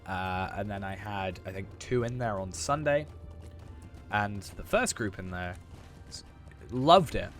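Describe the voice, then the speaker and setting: A young man with a fairly low voice chats loosely while he plays, circling back and correcting himself with plenty of fillers. His voice sounds a little hoarse. Faint music plays behind him. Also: lively intonation, a little slow, long pauses. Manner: rambling, filler-heavy, self-correcting. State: hoarse after losing his voice. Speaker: streamer. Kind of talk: casual chat while gaming.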